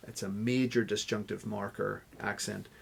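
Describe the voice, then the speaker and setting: A man's voice: fairly low pitch, level tone, moderate pace, gravelly, a little hiss or hum. A man answering interview questions as a guest scholar, explaining step by step like a teacher. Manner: teacherly, stops to spell out examples.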